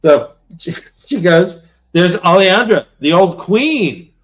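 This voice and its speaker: A man's voice: high-pitched, animated, slow, crowd noise. A man hosting a book-club podcast, retelling scenes in a rambling, jokey way. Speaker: podcast host. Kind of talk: casual book-club chat.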